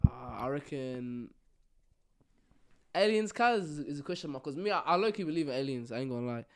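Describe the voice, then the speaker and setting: A man's voice: fairly high pitch, expressive, a little fast. A young man co-hosting a podcast, talking in casual chat, often restarting and ending lines with "cuz". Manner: hesitant, circles back with fillers and "cuz". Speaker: podcast co-host.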